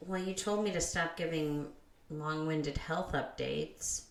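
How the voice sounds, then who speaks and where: A woman's voice: low-pitched, fairly even intonation, slow, vocal fry. A woman chatting casually as a podcast guest, rambling and repeating herself. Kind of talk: casual chat. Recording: echoey room.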